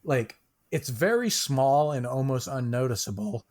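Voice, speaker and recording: Slow, laid-back male game master. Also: medium pitch, sing-song, a little mellow. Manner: slow, casual, full of fillers and laughs. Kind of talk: narrating a tabletop game.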